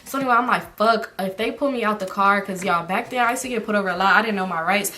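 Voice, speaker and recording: Young woman, quick bright storytime rant, swears a lot. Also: medium pitch, slight background noise. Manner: animated, profane, quotes friends in her own voice. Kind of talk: casual storytime monologue.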